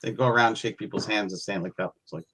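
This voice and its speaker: A man's voice: lowish voice, quick pace, a bit bright, husky. A man co-hosting a casual hobby livestream, tossing in wisecracks and rambling asides. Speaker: co-host. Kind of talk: casual chat.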